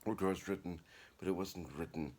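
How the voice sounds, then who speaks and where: A man's voice: low-pitched, moderate pace, a little mellow. A middle-aged man vlogging casually to camera, chatty and upbeat with a rambling way of talking. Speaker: vlogger and writer. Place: apartment living room.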